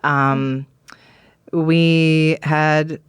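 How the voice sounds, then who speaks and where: A woman's voice: deep voice, flat delivery, very slow, clean tone, dry recording, clean studio sound. A woman guest telling long, candid stories in a rambling, frank way, swearing casually. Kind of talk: candid conversational storytelling.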